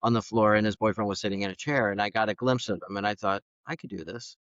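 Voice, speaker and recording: Animated middle-aged man telling stories. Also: fairly low pitch, fast, clean tone, no echo. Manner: animated, acts out quoted dialogue. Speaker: podcast guest, foster parent. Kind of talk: personal storytelling in an interview. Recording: dull, dry studio sound.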